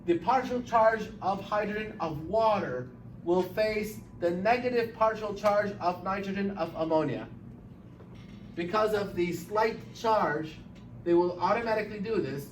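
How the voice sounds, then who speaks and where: Animated high-voiced male chemistry teacher. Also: a little hiss or hum. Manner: animated, emphatic, repeats key points. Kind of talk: classroom lecture. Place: classroom. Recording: echoey classroom from far off.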